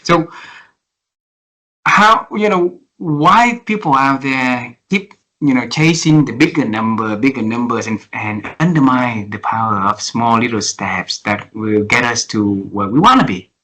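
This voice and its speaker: A man hosting an interview, asking long, halting questions full of fillers. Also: mid-range voice, bright, forceful tone, poor audio. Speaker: interview host. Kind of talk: conversational interview.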